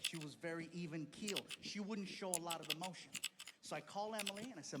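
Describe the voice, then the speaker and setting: A male comedian telling a long story on stage, acting out every character, on a recording with clear background noise. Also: on the high side, a little fast, big-room sound. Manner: animated, acts out every character. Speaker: stand-up comedian. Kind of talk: stand-up storytelling.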